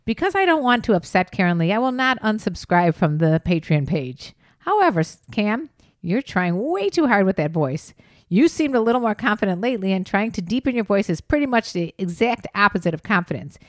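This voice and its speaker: A woman's voice: mid-range voice, big pitch swings, fairly quick, no room sound. A woman co-hosting a podcast, chatting casually, laughing often and reading listener messages aloud. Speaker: podcast co-host. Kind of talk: casual chat.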